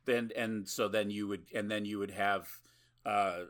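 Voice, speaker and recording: Podcast guy making dry wisecracks, real bright voice. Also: fairly low pitch, steady tone, measured pace. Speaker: podcast co-host. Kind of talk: casual chat.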